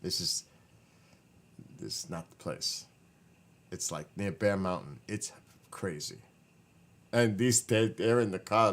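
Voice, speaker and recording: A man's voice: deep voice, animated, unhurried, long pauses. A tired man, rambling casually to his livestream viewers from his living room. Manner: rambling, self-correcting, talks to chat. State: tired, voice wearing out. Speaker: livestream host chatting with viewers.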